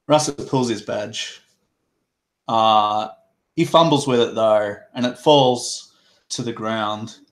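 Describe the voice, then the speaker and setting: A man narrating his character's actions in a tabletop game, halting and with fillers. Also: on the low side. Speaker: player.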